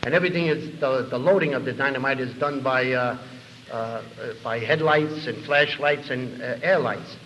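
A man's voice: mid-range voice, moderate pace, fairly bright tone. An older man telling his own recovery story to an audience, rambling and acting out the dialogue. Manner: rambling, with repeated words and fillers. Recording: echoey hall with faint room noise.

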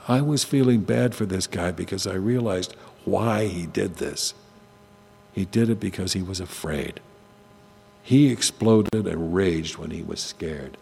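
An older man telling personal stories to an audience in a conversational way, often halting and restarting his sentences. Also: mid-range voice, vocal fry, a little mellow, husky. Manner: halting, with frequent restarts and asides. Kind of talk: conversational storytelling talk. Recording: long hall reverb, faint hum.

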